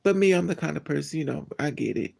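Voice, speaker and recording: A man hosting a livestream, telling a personal story to his viewers in a candid, animated, blunt way. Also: a little high, fast, creaky. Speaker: livestream host. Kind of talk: casual storytelling to a live chat.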